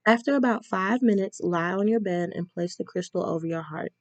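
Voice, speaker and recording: A woman's voice: medium pitch, brisk, darkish tone, dry recording. A woman giving a casual tarot reading, chatty and reading spell instructions aloud with frequent ums. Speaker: tarot reader.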